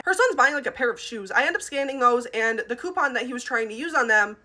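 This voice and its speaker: A young woman in a casual storytime vlog, chatty and animated, with lots of "like" fillers. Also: fairly high pitch, fast, hardly any pauses. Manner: chatty, animated, heavy use of "like". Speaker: vlogger.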